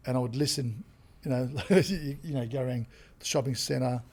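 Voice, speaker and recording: An Australian man, a comedian and actor, chatting as a podcast guest and telling animated stories. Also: medium pitch, moderate pace. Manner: animated storyteller who acts out quotes. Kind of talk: casual interview chat.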